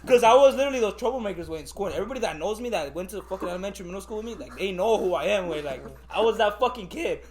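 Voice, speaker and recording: A young man telling a profane, animated school story in a casual chat, peppered with "like" and Spanish slang. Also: sits high, very fast, few pauses, crowd noise. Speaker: podcast co-host. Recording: other voices chattering behind.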